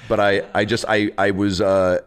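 A man's voice: normal speed, smooth. A man in his thirties, a comedian guest telling funny stories in casual chat, acting out the people he quotes. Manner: animated storyteller, acts out quoted people with big pitch jumps.

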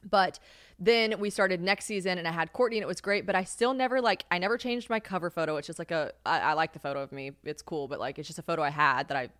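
A young woman hosting a podcast alone, with a light Southern American accent, chatty and animated, full of "like" and casual swearing. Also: lowish voice, fast talker, dry recording, studio quality. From Southern United States. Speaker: podcast host. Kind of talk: casual solo podcast chat.

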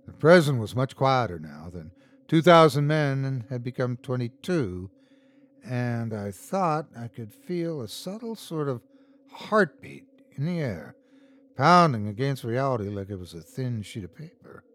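A man reading a horror story aloud as host and narrator, tense and dramatic, shouting out the characters' lines. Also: medium pitch, sing-song, a little slow.

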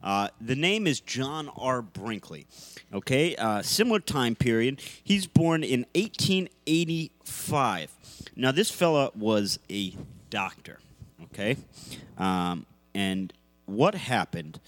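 A man riffs on a point, leaning on his words with playful emphasis. His pitch moves a lot. The recording is dry and close. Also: lively intonation, slow pace, no room sound. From New York. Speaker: podcast co-host. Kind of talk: casual chat.

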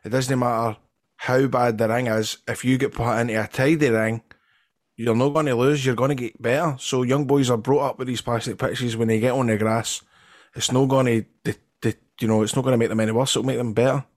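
A Scottish man with a medium-pitched voice chats about football and tells stories. He likes to draw comparisons from wrestling. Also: steady tone, brisk. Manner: storytelling, fond of wrestling analogies. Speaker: podcast co-host. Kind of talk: casual chat.

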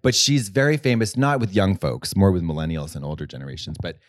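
A man's voice: deep voice, fast, no echo, studio quality. A man co-hosting a podcast in casual chat, rambling and swearing, with many restarts and fillers. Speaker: podcast co-host.

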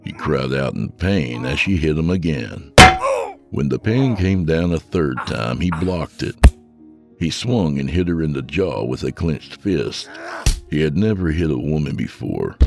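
A man narrating a horror story in a slow, grave storyteller's manner. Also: extremely low pitch, vocal fry, a little mellow.

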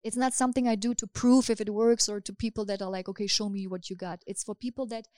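A woman with a German accent who works as a hypnotist, leading a slow, soothing, repetitive guided hypnosis and then chatting emphatically about it. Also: mid-range voice, steady tone, darkish tone, no room sound. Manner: emphatic and upbeat when chatting. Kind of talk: guided hypnosis session, then casual chat.

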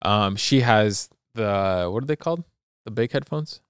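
Young adult male podcast co-host, casual animated storyteller, smooth clear voice on a dry close mic. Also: lowish voice, a little slow, dry recording. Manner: animated, acts out sounds and quotes.

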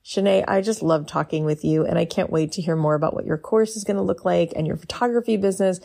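Female podcast host, low voice, encouraging and praising closing remarks. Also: fast, creaky, dark tone. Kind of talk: closing outro addressing a guest.

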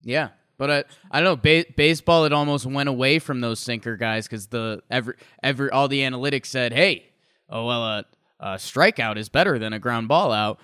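A man co-hosting a casual baseball podcast, talking in an animated, rambling way with lots of restarts. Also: medium pitch, brisk, clean tone, no room sound, clean studio sound. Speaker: podcast co-host. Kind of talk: casual sports chat.

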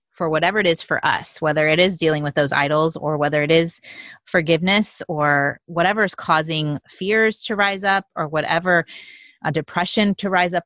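A woman's voice: low-pitched, fairly bright tone, dry recording, clean studio sound. A woman hosting a faith-based conversation who affirms her guest often and speaks in long, flowing sentences. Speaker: host.

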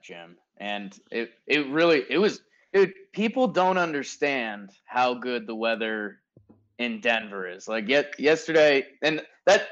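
A man's voice: medium pitch, fairly bright tone. Rambling male co-host on a dull line. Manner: chatty, rambling, says dude a lot. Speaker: podcast co-host. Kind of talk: casual remote sports chat. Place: home in Denver.

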